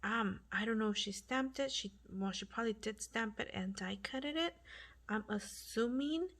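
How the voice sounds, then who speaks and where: A woman hosting a home crafting channel, speaking in a hushed half-whisper and gushing with lots of fillers. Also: a little high, moderate pace. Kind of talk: casual crafting vlog. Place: home at night.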